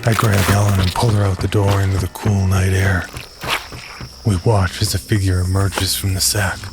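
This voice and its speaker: Low, even-toned male narrator for a creepy first-person tale; grim and measured, over a music bed.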